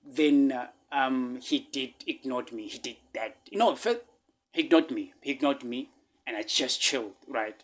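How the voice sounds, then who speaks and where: A South African man recounts a personal story in a husky, breathy voice at a middle pitch. He repeats key phrases for emphasis and often drops to hushed asides. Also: moderate pace.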